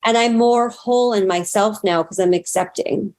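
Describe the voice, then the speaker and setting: A woman's voice: mid-range voice, moderate pace, a little mellow. A woman guest in an interview, telling a personal story in an earnest, talkative way. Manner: earnest, talkative, acts out past moments in quotes.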